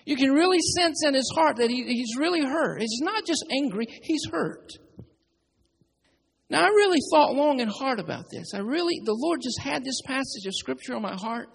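High gravelly preacher in a reverberant hall. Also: male voice, expressive, normal speed. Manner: repetitive, building preaching cadence. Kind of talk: sermon.

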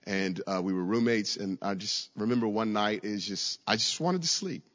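A man's voice: on the low side, moderate pace. A man from Virginia preaching a sermon, telling a story with stammered repeats and sudden raised passages. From Virginia, USA. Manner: storytelling, with frequent stammered repeats and rising shouts. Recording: echoey hall, dull lo-fi sound.

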